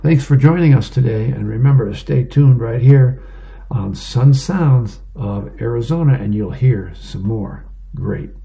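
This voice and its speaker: Gravelly, dark-voiced volunteer radio reader. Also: male voice, mid-range voice. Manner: plain, unhurried reading with small asides and fillers. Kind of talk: reading aloud for a radio reading service.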